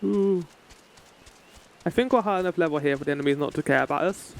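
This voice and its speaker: A man's voice: fairly high pitch, fast talker, gravelly. A man giving chatty, joking let's-play commentary while playing a game. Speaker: streamer.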